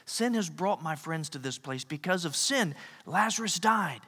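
A man's voice: fairly high pitch, animated, normal speed, sharp tone, husky, heavily acted. A man voicing a solemn, sorrowful Jesus. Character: sorrowful male Jesus lamenting sin. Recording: echoey hall reverb.

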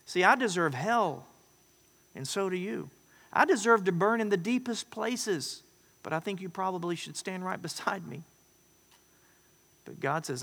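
Male pastor, fairly high voice, sermon in a church with long reverb; storytelling delivery with emphatic peaks. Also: expressive, moderate pace, creaky, pauses often, a bit bright. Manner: storytelling, rising to emphatic acted quotes.

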